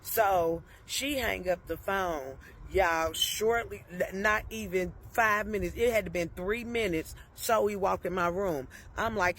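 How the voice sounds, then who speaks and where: With a mid-range, fairly bright voice, a woman shares a personal anecdote unhurriedly and with few pauses. Her tone is casual and chatty, punctuated by frequent laughter and asides to the audience like "y'all" and "okay?".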